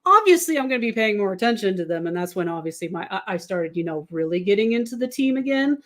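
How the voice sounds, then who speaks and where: A woman's voice: medium pitch, very animated, fast. A woman from the Kansas City area chatting casually as a podcast guest, rambling and laughing often. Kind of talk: casual chat about football.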